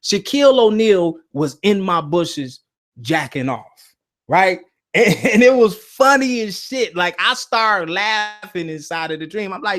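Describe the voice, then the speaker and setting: A man hosting a casual spiritual talk, telling stories in an animated way and often checking in with "right?" and "you see?". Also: high-pitched, unhurried. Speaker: host.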